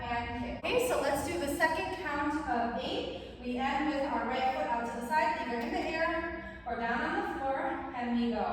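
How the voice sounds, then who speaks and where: High-voiced woman counting dance steps. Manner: rhythmic counting of beats; calls counts loudly over music. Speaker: dance teacher. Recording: roomy echo, distant mic, faint noise.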